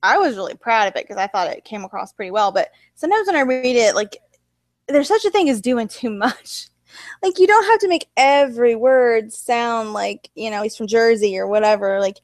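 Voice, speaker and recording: A woman's voice: a little high, lively intonation, moderate pace, no room sound. A woman in casual chat about writing, rambling with lots of fillers. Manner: rambling, many fillers like "like" and "you know".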